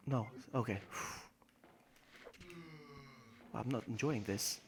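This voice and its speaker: A man streaming a game live, greeting viewers by name, yelping when things go wrong and mocking himself. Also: moderate pace. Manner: excitable, jumps to high yelps when in danger, then mutters low. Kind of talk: live gameplay commentary.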